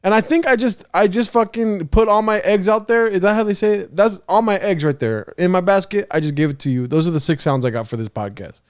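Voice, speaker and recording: A young man chats on his own podcast, with a voice pitched a little higher than most men's. He rambles from one thing to the next, pokes fun at himself and breaks into laughter often. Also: animated, fairly quick, few pauses, clean tone. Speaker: podcast host. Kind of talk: casual solo podcast chat.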